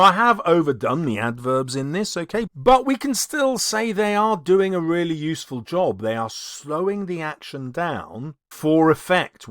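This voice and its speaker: A man from England teaching English writing in a video lesson, lively and expressive, reading his examples aloud with dramatic emphasis. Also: mid-range voice, dry recording, studio quality.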